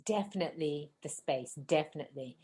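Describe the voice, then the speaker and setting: A woman hosting a podcast interview, talking fast and effusively in a casual chat. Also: deep voice, dark tone. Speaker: podcast host.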